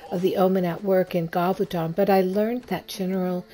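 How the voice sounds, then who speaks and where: A woman streaming a video game, giving casual, unhurried commentary and thinking aloud. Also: lowish voice, fairly even intonation, warm tone.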